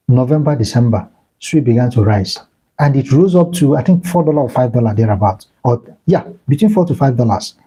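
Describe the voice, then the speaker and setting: Husky Nigerian Igbo man, very dark voice. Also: medium pitch, rough recording. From southeastern Nigeria. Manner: repeats himself, thanks and blesses viewers. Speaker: crypto live-stream host. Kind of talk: casual live-stream Q&A.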